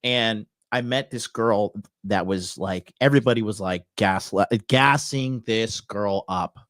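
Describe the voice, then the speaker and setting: A man's voice: on the low side, a little slow, fairly bright tone, no echo, clean studio sound. A man hosting a dating talk show, telling a crude story in a brash, swaggering way, full of swearing. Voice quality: profane, brash, swaggering delivery. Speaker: dating coach and podcast host. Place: Tokyo.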